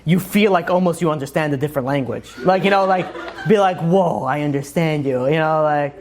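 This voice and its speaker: A man's voice: on the high side, a little fast, a little hiss or hum. A man, a rabbi giving a casual, joking class. He rambles through asides and self-mocking humor and fills his talk with "you know" and "like".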